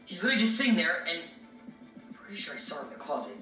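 A man narrates a haunted-doll vlog in a jumpy way, speaking straight to his viewers. He sounds set back from the mic in a roomy, echoing space, with music playing clearly underneath. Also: sits high, big pitch swings, racing, distant mic. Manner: jumpy, addresses viewers as guys. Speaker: video creator.

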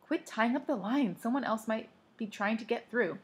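A woman reading aloud and voicing a brisk, eager teenage girl in a slightly husky voice. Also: a little high, voice pushed up.

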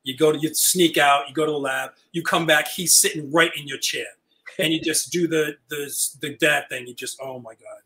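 An older man, a retiring high school teacher, telling stories as an interview guest and acting out the dialogue. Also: normal speed, poor audio. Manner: animated, acts out quoted dialogue. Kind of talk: storytelling chat.

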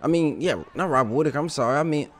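Young male gamer, casual play-by-play, lively pitch, loud bursts of trash talk. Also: fast talker, a little hiss or hum. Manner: excitable trash talk, shouting and laughing at the game. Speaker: gaming YouTuber. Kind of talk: casual live gameplay commentary.

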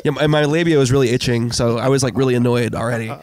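Man griping deadpan on a podcast. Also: medium pitch, fast. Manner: exasperated deadpan complaining, stammers on restarts. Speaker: comedian podcast co-host. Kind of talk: crude casual comedy banter.

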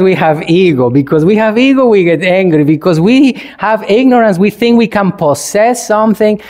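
Speaking non-native English in a high, darkish voice, a male Buddhist monk delivers a dharma talk to his congregation. He keeps it playful, chuckling frequently and asking the audience questions.

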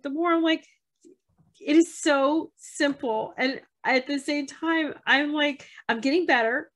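A woman co-hosting a podcast, chatting casually with halting restarts and frequent laughter. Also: high-pitched. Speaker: podcast co-host.

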